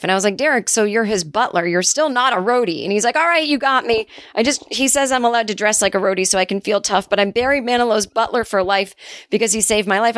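A middle-aged woman hosting a comedy podcast, telling an absurd story in a casual, deadpan way with quick asides. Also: lowish voice, no room sound, clean studio sound.

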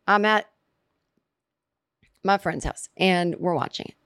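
A woman spins a comic story out loud, circling back on herself and piling on "like" and "you know". Her voice leaps up when she hits a punchline. The recording is close and dry, with no room sound. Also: slow, smooth, no room sound. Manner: rambling, self-interrupting, lots of "like" and "you know"; animated, jumps in pitch for emphasis.

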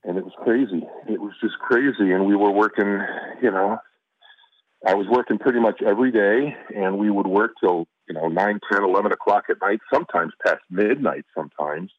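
Chicago man, low voice, rambling with fillers and restarts, dry tinny phone-line sound. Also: fairly quick, no echo. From Chicago, USA. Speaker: actor and interview guest. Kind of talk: casual interview storytelling.

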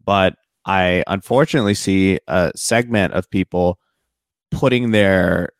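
A man co-hosting a relaxed podcast conversation in a fairly low voice. He reasons things through earnestly, leaning on casual fillers. The recording is dry and close. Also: measured pace, no room sound. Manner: reflective, earnest, uses fillers like "you know". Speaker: podcast co-host. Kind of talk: casual chat.

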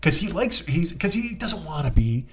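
A man hosting a comedy podcast, telling a profane, excitable monologue and breaking into voices. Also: on the high side, moderate pace, breathy edge. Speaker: podcast host.

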